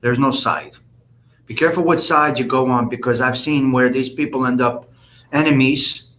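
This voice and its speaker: A man's voice: mid-range voice, steady tone, normal speed, a bit bright. Blunt, profane man chatting on a live stream. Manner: blunt, profane, rambling street talk. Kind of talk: casual live-stream chat reading comments.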